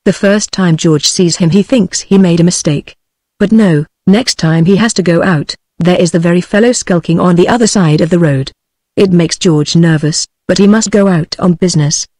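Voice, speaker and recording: A woman's text-to-speech voice with a British English accent, reading a classic story aloud in an even, unhurried way. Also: fairly low pitch, no echo. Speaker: audiobook narrator.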